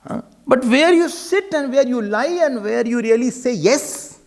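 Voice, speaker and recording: An Indian English accented man teaching scripture in a lively discourse, his voice sitting high and leaping up and down through each sentence. He talks animatedly and drops Hindi and Sanskrit words into his English. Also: a little slow. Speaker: spiritual teacher.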